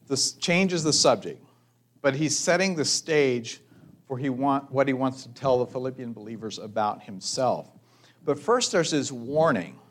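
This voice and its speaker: A man preaching a measured, thoughtful sermon as a pastor, pausing for reflective asides. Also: medium pitch, expressive.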